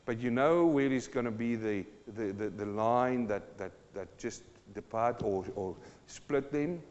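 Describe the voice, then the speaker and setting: Impassioned preacher in an echoing hall. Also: male voice. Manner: impassioned, swings between loud emphatic peaks and low quiet passages; slows down to stress key phrases, repeats words. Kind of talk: sermon. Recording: dull sound with long hall reverb.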